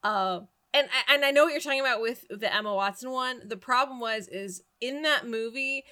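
Woman co-host, bright tone, dry humorous recaps. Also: a little high, a little fast, clear, resonant tone. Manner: wry, recapping with dry jokes. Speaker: podcast co-host. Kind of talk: casual chat.

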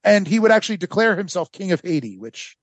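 A man's voice: sits high, big pitch swings, fast talker, no echo, muffled recording. A man hosting a casual history podcast, telling the story with rambling sarcastic asides and lots of fillers. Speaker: podcast host.

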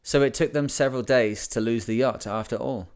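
A man hosting a podcast, reading an old sea memoir aloud in a measured, deliberate way. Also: mid-range voice, darkish tone, clean tone. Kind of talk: audiobook narration of a memoir.

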